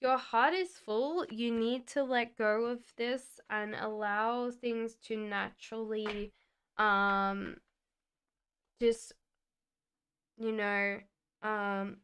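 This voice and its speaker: A young woman reads tarot cards on a live stream at an unhurried pace. Her voice is very smooth and clear and sits a bit high. She talks casually and reassuringly, answering viewers one by one. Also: steady tone, a bit bright. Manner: hums while shuffling cards.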